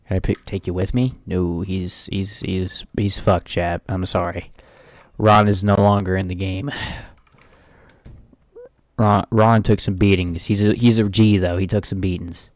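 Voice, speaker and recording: A man's voice: low-pitched, level tone, a little slow, darkish tone, dry recording. A man in casual let's-play commentary, joking, swearing and muttering reactions on a close microphone. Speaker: gaming streamer.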